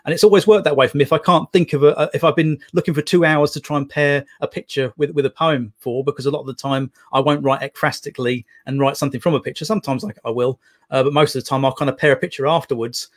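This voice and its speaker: A man's voice: a little high, steady tone, fast talker. A man guesting as a poet in an interview, talking in a casual, rambling way with many restarts and fillers.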